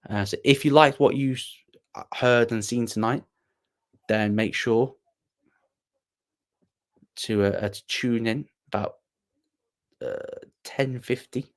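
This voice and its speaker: A man hosting a casual livestream, talking haltingly with many pauses and restarts. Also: mid-range voice, steady tone. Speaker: channel host.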